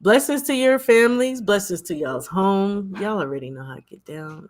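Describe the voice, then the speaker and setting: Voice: medium pitch, expressive, normal speed. A host giving casual commentary in a sarcastic, drawling way.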